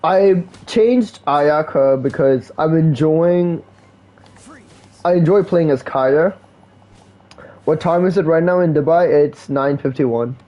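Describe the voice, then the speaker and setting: A man's voice: fairly high pitch, slow pace, mellow. A young man from India chatting casually while streaming a game, slangy, joking and profane, full of "like" and "bro". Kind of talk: casual gaming stream chat. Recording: dull lo-fi stream audio.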